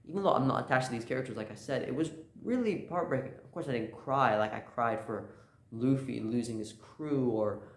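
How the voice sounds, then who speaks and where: A man's voice: mid-range voice, fairly quick. A man casually recapping a manga chapter, rambling with lots of "uh" and "like" and slipping into quoted lines. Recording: roomy echo.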